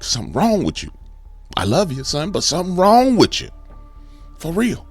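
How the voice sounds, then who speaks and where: A man voicing the Lord as a loving father who gently scolds his son. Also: on the high side, huge pitch swings, normal speed, husky, faint music behind, voice pushed up, exaggerated voice. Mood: scolding.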